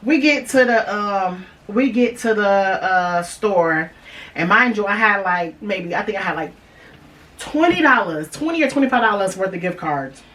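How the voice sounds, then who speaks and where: A woman's voice: mid-range voice, animated, moderate pace, a bit bright, far from the mic. Chatty woman podcaster, a bit off-mic. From Michigan. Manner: chatty, talks straight to listeners, many fillers and restarts. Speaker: podcast host. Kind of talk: casual personal storytelling.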